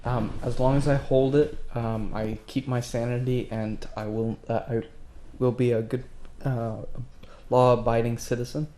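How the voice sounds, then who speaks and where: A man playing at a tabletop game, working through his moves in a casual, halting way. His voice sits at a middle pitch for a man. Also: little pitch movement, dark tone. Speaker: player.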